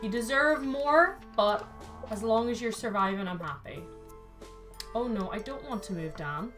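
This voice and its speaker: A woman's voice: a little high, animated, measured pace, over music. A woman, chatting playfully as a streamer, laughing often and talking to her cat and her chat. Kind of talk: casual gaming stream chat.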